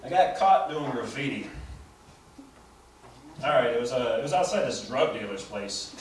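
A man performing a profane stand-up comedy set, rambling and swinging between low mumbles and loud bursts. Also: expressive, moderate pace. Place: small theater stage. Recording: roomy, distant live club recording with audience noise.

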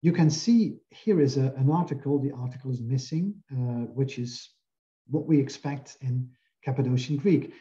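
Speaking at an ordinary pace, the professor guides listeners through his linguistics slides in a mellow, mid-range voice. The highs in the recording are cut off.

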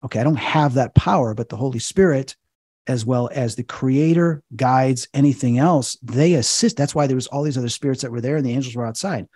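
A man's voice: medium pitch, brisk, a little mellow, husky, dry recording, studio quality. A man as an interview guest, retelling events animatedly and acting out the dialogue. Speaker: psychic medium guest. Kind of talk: interview storytelling.

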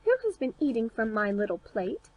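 A woman voicing seven little dwarf men in a storybook reading, speaking in high, excited exclamations. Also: moderate pace, no room sound, poor audio. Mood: puzzled.

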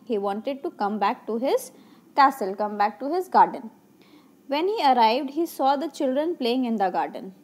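A woman's voice: high voice, darkish tone. A woman teaching an English class. She reads a story aloud in short passages and then explains each one in simple words, asking her pupils questions and stopping to rephrase with small fillers.

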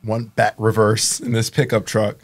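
A man's voice: lowish voice, monotone, normal speed, background noise. A man in casual podcast chat, recounting a story in a laid-back way. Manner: laid-back, laughs through his story. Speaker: podcast guest.

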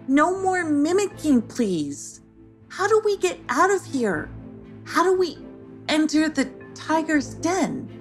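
A woman's voice: sits high, very animated, slow pace, pitched above the performer's own voice, exaggerated voice. A self-assured young girl speaks up with pride, as a woman plays her in a storybook. Her voice sits above a normal adult register. Faint music runs underneath. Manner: confident, proud. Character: confident clever young girl twin.

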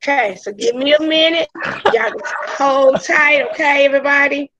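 High-pitched lady teacher on a video call, chatty southern us way of talking, kinda muffled sound. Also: normal speed, fairly bright tone. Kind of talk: online class roll call and introduction. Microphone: video call audio.

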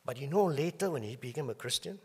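A male pastor giving a conversational sermon, often clearing his throat as he talks. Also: medium pitch, lively intonation, quick pace, big-room sound. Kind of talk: sermon with personal storytelling. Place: church hall.

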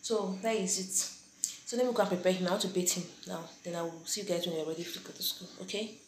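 Talking to camera at home, a young vlogger with a Nigerian accent, who is Nigerian herself, speaks quickly and keeps repeating phrases to her viewers. Her voice sits on the low side, and the recording sounds roomy with a bit of hiss or hum.

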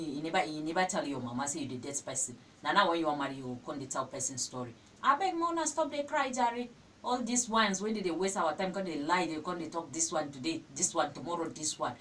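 A young woman with a Nigerian accent, giving scolding, animated advice in a vlog. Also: brisk. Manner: animated, scolding, full of exclamations. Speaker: vlogger. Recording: distant mic with faint rumble.

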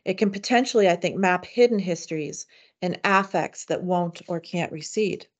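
A woman giving an academic seminar paper in a measured way, with frequent fillers and restarts. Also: on the low side. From Canada. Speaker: academic speaker. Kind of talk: seminar lecture reading a paper.

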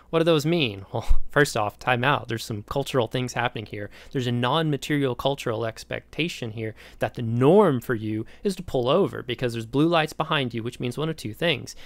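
Male lecturer, gravelly voice, dry close sound, casual and chatty with students. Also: medium pitch, a bit bright, dry recording. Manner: casual, conversational and digressive, speaks directly to students. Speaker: college sociology lecturer. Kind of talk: recorded lecture.

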